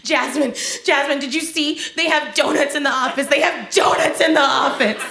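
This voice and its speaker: A woman voicing a frantic young female office worker who panics and pleads in a shrill, breathless voice. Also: fairly even intonation, normal speed, vocal fry, full character voice. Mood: panicked. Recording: echoey live club, loud background noise.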